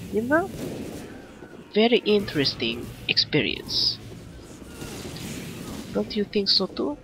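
A young man with a put-on Russian accent, commentating his gameplay in excitable, exclamatory, playfully broken English. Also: high voice, slight background noise. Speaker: gaming commentator. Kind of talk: let's-play commentary.

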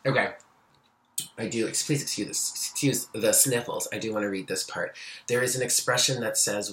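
A man giving a daily tarot card reading, reading card texts aloud and breaking into excited asides. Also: fairly low pitch, normal speed. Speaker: tarot reader.

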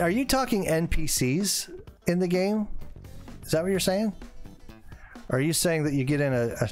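A man in his forties streaming a hunting game, chatting casually, reading viewer comments aloud and reacting to them. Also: medium pitch. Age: 40s. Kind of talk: casual live-stream chat while playing.

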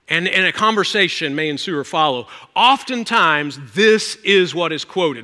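A male pastor preaching a sermon, swinging between loud, emphatic lines and hushed ones. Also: high-pitched, lively intonation, normal speed. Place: church sanctuary. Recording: reverberant church hall.

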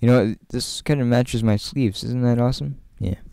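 A man's voice: mid-range voice, moderate pace, vocal fry, mellow, dry recording. A man giving casual, chatty commentary while playing, joking and laughing often and rambling straight to his viewers. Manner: rambling, talks to viewers directly. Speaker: gaming channel host.

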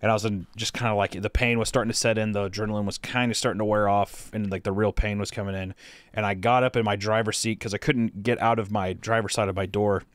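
A man's voice: fairly low pitch, fairly even intonation, quick pace, dry recording. A man co-hosting a podcast, telling a story casually and profanely, rambling with lots of fillers. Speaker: podcast co-host.

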